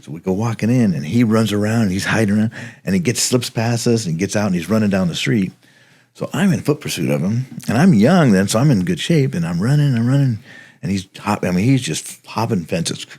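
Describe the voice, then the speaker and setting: A man's voice: fairly low pitch, brisk, husky. A middle-aged man from the Los Angeles area, a retired homicide detective, telling rambling stories in casual podcast chat. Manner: relaxed, rambling anecdotes with many fillers.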